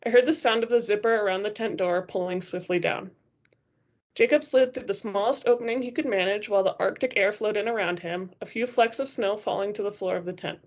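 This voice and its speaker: A woman reading a first-person novel aloud in a steady, expressive way, in a dull lo-fi recording. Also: medium pitch, fairly quick. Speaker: audiobook reader.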